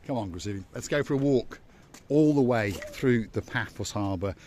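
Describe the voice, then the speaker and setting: A man's voice: mid-range voice, animated, normal speed, darkish tone, a little hiss or hum. A man hosting a walking-tour vlog outdoors at a seaside harbour, chatting playfully and teasing his viewers. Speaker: vlog host.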